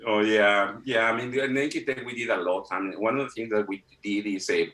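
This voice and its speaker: A man's voice: on the low side, steady tone, fairly quick, a bit bright. A middle-aged man from Mexico with a Mexican accent, speaking English as a second language. He is a guest telling stories animatedly, with many restarts and repeated words, over a video call. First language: Spanish. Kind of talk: casual storytelling interview. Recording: roomy echo.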